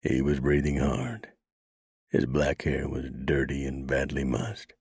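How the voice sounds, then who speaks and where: A man narrating a western audiobook in a steady, measured storytelling voice. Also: rumbling low, slightly rough, no echo, clean studio sound.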